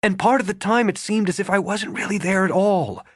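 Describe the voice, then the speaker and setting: A man voicing a tense, proper young woman in an audiobook, indignant and clipped, his voice raised well above its usual pitch. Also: a little fast, a bit bright, no echo, studio quality. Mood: pleading. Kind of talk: audiobook character voice.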